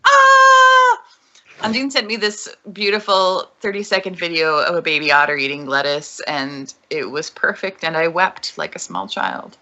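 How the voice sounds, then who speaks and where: Bright, lively woman gushing casually. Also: fairly low pitch, moderate pace. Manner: giggly, enthusiastic fan talk. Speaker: podcast co-host. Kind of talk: casual chat.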